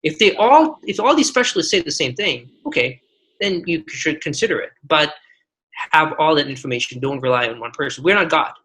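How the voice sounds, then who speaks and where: An earnest man in his forties talks through his own stories as a podcast guest. His voice is bright and forward, and he often restarts his sentences as he works toward his point. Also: fairly high pitch, animated, brisk, slight background noise, poor audio. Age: 40s. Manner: earnest, storytelling with many restarts. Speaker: guest physician. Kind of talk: podcast interview.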